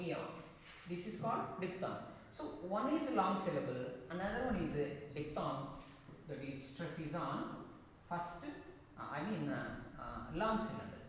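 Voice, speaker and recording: Slow, lively-voiced teacher. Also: male voice, high voice. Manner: slow, repeats phrases, emphatic rises and drops. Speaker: English teacher. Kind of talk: classroom lecture. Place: echoey classroom. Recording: echoey room, distant mic, faint hiss.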